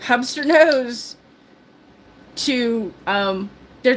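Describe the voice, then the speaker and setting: A woman's voice: fairly high pitch, a little slow, fairly bright tone, slight background noise, low-quality recording. An older woman hosting a live stream, chatting casually and rambling with lots of restarts; she calls herself a big talker. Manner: chatty, self-described talker, many restarts.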